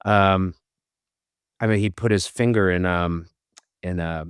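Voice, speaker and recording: A middle-aged man from Boston, an actor telling self-deprecating stories as a podcast guest, with halting restarts. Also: low-pitched, fairly even intonation, smooth, dry recording, clean studio sound. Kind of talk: casual storytelling interview.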